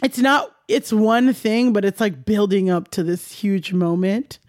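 Young woman comic, candid and animated, acts out her own stories; dry booth sound. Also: mid-range voice, measured pace, no room sound. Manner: animated, laughing, swearing, acts out dialogue. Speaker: comedian guest. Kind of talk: candid storytelling interview.

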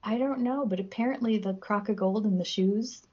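A woman's voice: mid-range voice, normal speed, darkish tone, muffled recording. A woman guest in a casual podcast chat, giggly and self-deprecating as she reads out facts. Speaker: guest, musician.

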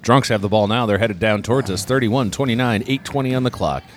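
A man's voice: lowish voice, fairly quick, a little hiss or hum. A man doing comedic play-by-play commentary of a basketball game, jokey and riffing. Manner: jokey, riffing, breaks into laughter. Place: indoor gym.

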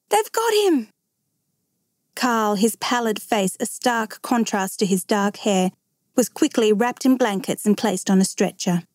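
A woman giving a measured, clear narration of a true rescue story. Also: medium pitch, mellow, no room sound, clean studio sound.

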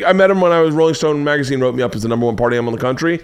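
A man's voice: mid-range voice, rapid-fire, few pauses, smooth. A middle-aged man hosting his own podcast, rambling through stories in a loose, profane, comedic monologue. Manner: profane, rambling, animated storytelling. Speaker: podcast host.

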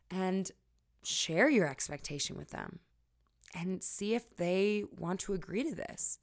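Low-voiced woman podcast host, candid. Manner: candid, laughs often, swears casually. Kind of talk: casual coaching talk.

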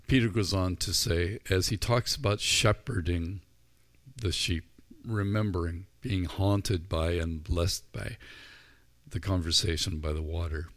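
A man's voice: sits low, steady tone, unhurried. A middle-aged male pastor preaching a sermon, retelling scenes in a storytelling way and acting out the voices. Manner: storytelling, acts out the disciples' voices.

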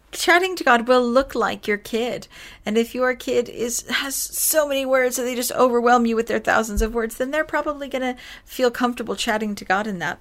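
A woman hosting a faith-based parenting podcast, talking through advice in an earnest, conversational way while tired and short on sleep. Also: on the high side. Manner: earnest, conversational, yawning at times. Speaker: podcast host and parenting speaker.

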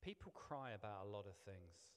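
A man's voice: lowish voice, expressive, normal speed. A middle-aged man, a vicar, preaching a sermon in a chatty, self-deprecating way with many restarts. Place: church hall. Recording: long hall reverb.

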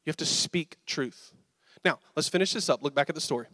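Male pastor, slightly high voice, dry close sound, chatty storytelling sermon. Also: a little fast, dry recording. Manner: casual storytelling, animated and conversational.

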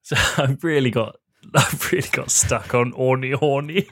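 A man's voice: medium pitch, a little slow, a bit bright. A man playing a comedy tabletop game, chatting in a giggly, playful way. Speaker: player. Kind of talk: casual play banter.

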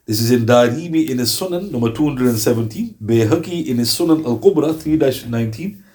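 A man's voice: mid-range voice, lively intonation, mellow. A man giving a religious lesson, posing rhetorical questions and reeling off lists of references. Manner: emphatic, rhetorical questions, rapid citation lists. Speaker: Islamic teacher.

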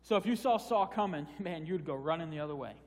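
A man's voice: fairly high pitch, animated, quick pace. A man preaching a sermon in a casual, conversational way, often restarting phrases and repeating words. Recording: long hall reverb.

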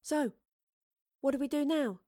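A woman voicing a plucky, blunt young female companion with a brisk, down-to-earth manner in an audiobook. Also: sits high, dark tone, pitched above the performer's own voice. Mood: plucky, quizzical.

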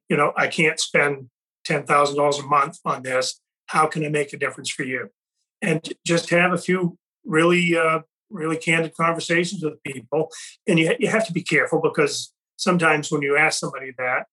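A man's voice: a little high, fairly even intonation, normal speed, sharp tone, rough recording. A man hosting a podcast, talking earnestly and reflectively in a casual conversation, often restarting his sentences. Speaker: podcast host and company leader.

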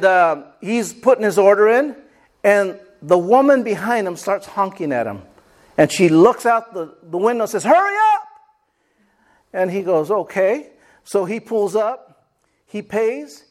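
A man with a notably high voice preaching a sermon to his congregation. He calls out for amens and acts out everyday stories to make his point. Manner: preaching with call-and-response amens and acted-out stories. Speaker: pastor.

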